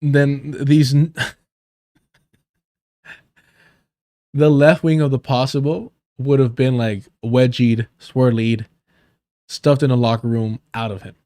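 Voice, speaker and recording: A man's voice: mid-range voice, flat delivery, slow pace, pauses often, mellow, no echo, studio quality. A man hosting a livestream, reading an article aloud and breaking off into profane, joking asides. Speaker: livestream host.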